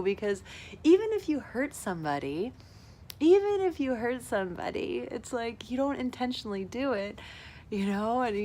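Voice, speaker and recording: A fairly high, slightly mellow female voice carries a casual confessional vlog, with slight background noise. She rambles effusively, filling her talk with "like" and laughing often along the way.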